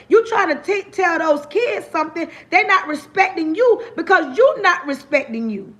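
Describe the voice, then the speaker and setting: A woman hosting a livestream, giving emphatic, repetitive life talk and often checking in with her listeners. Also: very high-pitched. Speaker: livestream host. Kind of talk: preachy motivational livestream talk.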